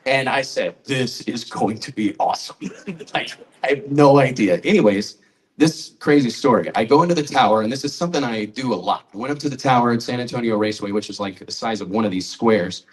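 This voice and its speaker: At a trade show event hall press conference, a magazine publisher in his forties, male, presents the honorees with a conversational story, quoting people as he goes. His pitch is medium and his pace a little fast. The mic is distant and the recording rough.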